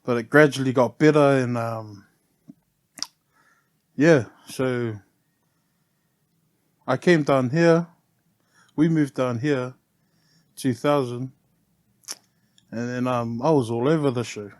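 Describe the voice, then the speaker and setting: Laid-back New Zealand barber telling stories. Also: male voice, mid-range voice, slow pace, long pauses. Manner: relaxed, laughs often, ends phrases with "eh". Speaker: podcast guest, barber. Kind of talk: casual storytelling interview.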